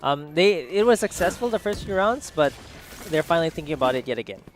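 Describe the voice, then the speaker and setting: A man giving live esports commentary, analytical and joking, quick to react. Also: a little high, lively intonation. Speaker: esports caster.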